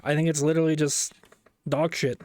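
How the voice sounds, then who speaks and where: A man's voice: fairly high pitch, little pitch movement, a little fast, darkish tone, no echo. Man muttering and swearing while streaming. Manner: muttering to himself, swearing, self-interrupting. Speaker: livestreamer. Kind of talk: casual live-stream chat while building a model set.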